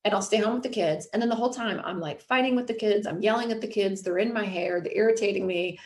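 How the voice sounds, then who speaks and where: Woman, thirties, podcast host, chatty, casual, mid-pitched voice. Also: fast, darkish tone, roomy sound. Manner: chatty, frequent "like" and "you know". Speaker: host and coach.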